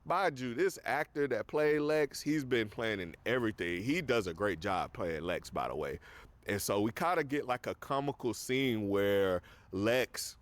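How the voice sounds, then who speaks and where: A man's voice: medium pitch, dry recording. A man casually recapping a movie on a podcast, rambling with lots of fillers. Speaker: podcast host.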